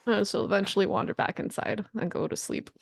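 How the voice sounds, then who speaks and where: A woman's voice: medium pitch, fast talker, creaky. A woman playing a tabletop game, chatting casually and describing her character's actions. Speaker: player. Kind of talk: casual chat and in-character play.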